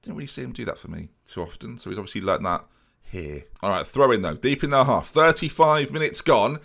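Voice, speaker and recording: A young man casually commentating his football management game, jokey and self-mocking, with bursts of excitement. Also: medium pitch, brisk, creaky. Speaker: gaming YouTuber.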